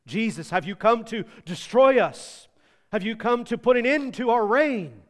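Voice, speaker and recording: A man's voice: very high voice, lively intonation, unhurried. A man voicing a mocking, defiant male demon while retelling a Bible story in a sermon. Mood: taunting. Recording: reverberant hall.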